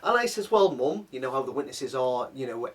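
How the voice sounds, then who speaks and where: A man's voice: mid-range voice, very animated, brisk. A middle-aged man telling a personal story in a casual, chatty way, with asides and restarts, recorded on a distant mic. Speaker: vlogger.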